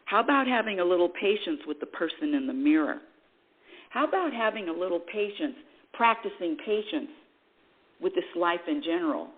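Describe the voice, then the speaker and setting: A woman hosting a spiritual call-in radio show, preaching in an animated way and acting out quoted voices. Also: fairly low pitch, normal speed, breathy edge, phone-quality sound. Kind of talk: spiritual talk radio monologue.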